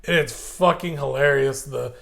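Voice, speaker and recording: A man with a Californian accent co-hosting a podcast in casual chat, animated and swearing as he retells movie scenes. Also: mid-range voice, moderate pace, vocal fry. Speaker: podcast co-host.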